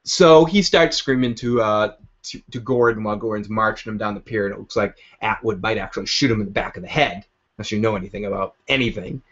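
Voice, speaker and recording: A man's voice: lowish voice, fast talker, fairly bright tone, highs cut off. Rambling man recapping a TV episode. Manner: rambling, chuckling, acts out scenes. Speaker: show recap host. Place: basement.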